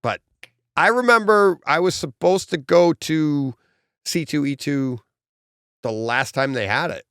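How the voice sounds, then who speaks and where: A man's voice: a little high, unhurried, a bit bright, smooth, no echo, clean studio sound. A middle-aged man with a Boston accent, hosting a podcast in rambling casual chat and laughing often. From Massachusetts. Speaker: podcast host.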